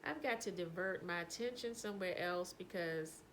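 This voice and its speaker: A woman telling a personal story to camera, animated, breaking into laughter and hushed asides. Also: fairly low pitch, normal speed, a little hiss or hum, rough recording. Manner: animated, breaks into helpless laughter, drops to whispers.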